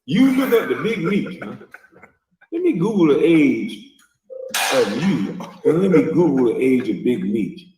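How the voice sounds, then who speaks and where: A man's voice: on the high side, big pitch swings, unhurried, long pauses, dark tone, distant mic, slight background noise. A middle-aged man hosting a livestream, ranting and mocking in a profane, scolding way. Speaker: livestream host. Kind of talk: heated reaction rant. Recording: echoey, from off-mic.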